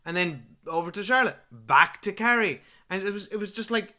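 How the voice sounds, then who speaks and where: Bright-voiced male podcast guest. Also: sits high, expressive, brisk. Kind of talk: casual chat.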